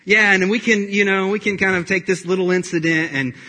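A man's voice: high-pitched, steady tone, a little fast, bright, forceful tone. A man in his thirties preaching a sermon in a casual, joking storytelling way, recorded in a reverberant church hall. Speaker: pastor.

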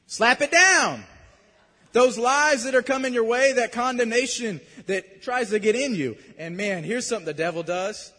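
Young man preaching in a high voice, echoing hall. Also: normal speed, hardly any pauses. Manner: earnest, conversational preaching with sudden loud emphasis. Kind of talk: sermon.

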